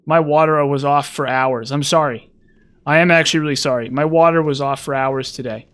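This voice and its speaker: A man's voice: a little high, fairly even intonation, a little fast, a bit bright, smooth. A man from the western United States in a rambling casual chat, full of fillers and restarts. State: frazzled. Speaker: streamer.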